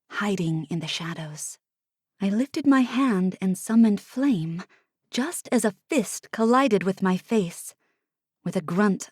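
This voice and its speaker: A woman narrating a first-person fantasy audiobook in a hushed manner, sometimes dropping to an unvoiced whisper, close to a studio mic. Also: medium pitch, no room sound. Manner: hushed, drops to unvoiced whispers in tense passages.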